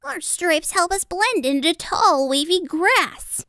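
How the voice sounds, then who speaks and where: Woman playing a storybook zebra, high, insistent, quick-spoken. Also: lively intonation, bright, forceful tone, no echo, clean studio sound, full character voice. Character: proud talking zebra.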